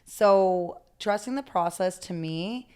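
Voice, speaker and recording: A woman guest on a podcast, a therapist, telling stories in a candid, animated way and swearing freely. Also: on the low side, slow pace, clean tone. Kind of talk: casual conversational interview.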